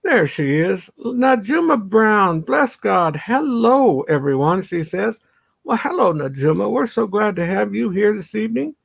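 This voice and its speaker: A man's voice: high voice, big pitch swings, a little slow, fairly bright tone. A middle-aged man from the suburbs, chatting casually on a livestream, greeting viewers by name and laughing often, a little stuffy from allergies. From northern suburbs of Chicago. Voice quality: gravelly, husky. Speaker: livestream host. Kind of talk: casual live-stream chat reading comments.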